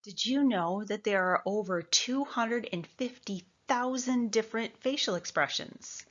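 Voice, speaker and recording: A woman from the American Midwest giving an instructional talk on presentation skills, with a clear, measured coaching delivery. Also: fairly high pitch, muffled recording.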